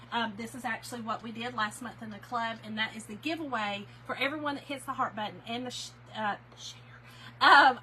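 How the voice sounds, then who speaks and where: A woman's voice: a little high, bright, forceful tone, slight background noise, low-quality recording. Chatty woman hosting a live sale. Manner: chatty, effusive, thanks viewers by name; gets emotional and laughs easily. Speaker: host of a live craft-supply sale. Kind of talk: casual livestream chat.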